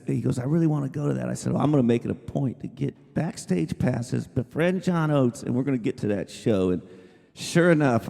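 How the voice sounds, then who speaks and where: On a small coffeehouse stage, a singer-songwriter tells a rambling story between songs into a stage mic, restarting often. His medium-pitched voice is creaky and mellow, captured in a live room with long reverb and guitar.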